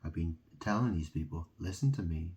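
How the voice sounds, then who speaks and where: A man's voice: low-pitched, brisk, darkish tone. A man from England delivering a rambling solo monologue, ranting and mocking, swearing freely.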